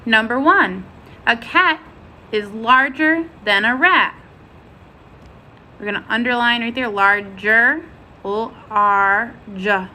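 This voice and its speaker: A woman teaching a first-grade phonics lesson, sounding out letters and words slowly and clearly. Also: fairly high pitch, pushed and bright, low-quality recording.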